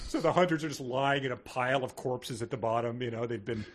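Breathy man rambling on a podcast. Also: medium pitch, brisk. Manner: rambling, frequent fillers and laughs. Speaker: podcast co-host. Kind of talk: casual chat, reading a book aloud.

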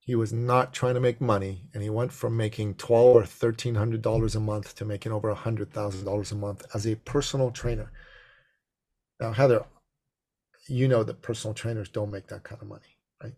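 A man guest telling a story in conversation, acting out the dialogue with animation and a gravelly voice. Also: on the low side, steady tone, brisk, darkish tone.

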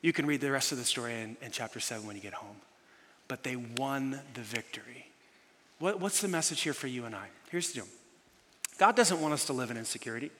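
A man preaching a sermon as pastor, telling a story with animated emphasis. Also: medium pitch, a little fast, a little hiss or hum. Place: large church hall. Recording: long reverb in a large hall.

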